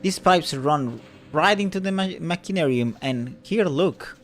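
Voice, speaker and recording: A man voicing a wary poor woman who speaks in a quiet, guarded, defensive way. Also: on the high side, animated, unhurried, a little hiss or hum, pitched above the performer's own voice.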